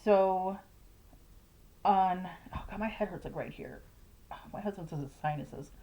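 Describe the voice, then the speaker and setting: A woman's voice: fairly low pitch, measured pace, mellow. A middle-aged woman vlogging casually about her grief, rambling and hesitant, with nervous laughs. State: grieving. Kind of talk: casual personal vlog. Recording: slightly dull lo-fi audio.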